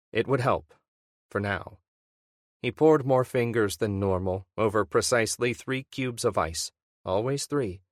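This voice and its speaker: A man reading a suspense audiobook in a measured, subdued way. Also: on the low side, no echo, studio quality. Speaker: audiobook narrator. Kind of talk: scripted narration.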